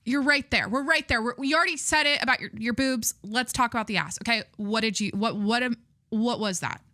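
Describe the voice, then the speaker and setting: A young adult woman hosts her podcast in a casual chat, her voice a little high, fairly quick and sharp, captured as a dry, studio-quality recording. She rambles candidly with lots of fillers and restarts, gushing and swearing casually.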